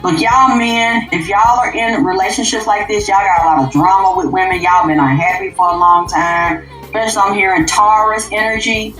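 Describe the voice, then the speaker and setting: A woman hosting an unscripted livestream rant, profane and emphatic, dropping to low mutters and jumping up to loud outbursts. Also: steady tone, moderate pace, reverberant, faint music behind, rough recording. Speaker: livestream host.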